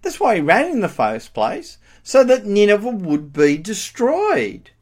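A man delivers a sermon with animated, emphatic energy. His pitch rises and falls widely as he poses rhetorical questions to the congregation. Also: measured pace. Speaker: preacher.

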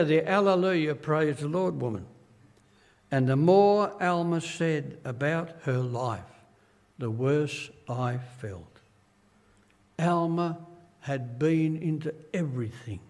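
An older man with an Australian accent preaching a sermon as pastor, slow and earnest, acting out quoted voices as he tells stories. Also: a little high, expressive, in a large hall.

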